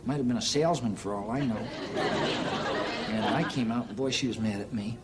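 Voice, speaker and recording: A man telling a comic anecdote on stage in an unhurried, halting way with plenty of "uh"s. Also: mid-range voice, over a noisy crowd, heavy background noise. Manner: unhurried, halting delivery with many "uh"s. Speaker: stand-up storyteller. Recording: live audience laughter and band music.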